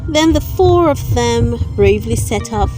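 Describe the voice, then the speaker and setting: Brief: woman reading a children's storybook aloud, high and animated in pitch, over loud background music. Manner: slow, expressive storytelling. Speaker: storybook reader. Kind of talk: children's read-aloud narration.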